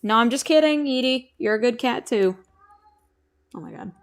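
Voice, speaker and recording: A woman's voice: fairly high pitch, moderate pace. A young woman streaming from home, chatting casually and rambling as she answers her chat while she draws. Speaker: streamer and animator.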